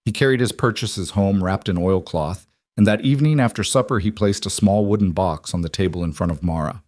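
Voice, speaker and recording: Low-voiced male story narrator. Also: a little fast, a little mellow, dry recording, studio quality.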